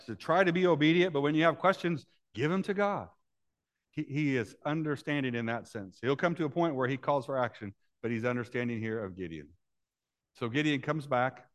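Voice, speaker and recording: A man delivering a sermon in a relaxed, conversational way. He keeps checking in with his listeners through short questions and slips into the voices of the characters in the story he is telling. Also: on the high side. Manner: conversational, asks the congregation questions; acts out the voices of Bible characters. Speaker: preacher.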